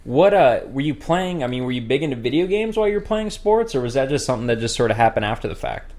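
Man asking halting interview questions. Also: mid-range voice, sing-song, darkish tone. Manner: hesitant, halting questions full of fillers. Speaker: co-host.

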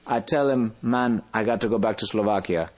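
A man's voice: fairly low pitch, a little fast, natural voice. A man putting on the voice of a young male Slovak backpacker who talks in a laid-back, drawling reggae patter. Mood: easygoing.

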